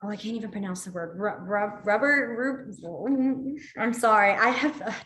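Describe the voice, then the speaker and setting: A woman's voice: medium pitch, normal speed, fairly bright tone, roomy sound, a little hiss or hum. A young woman teaching a sign language class online, chatty, apologetic and easily sidetracked, laughing often.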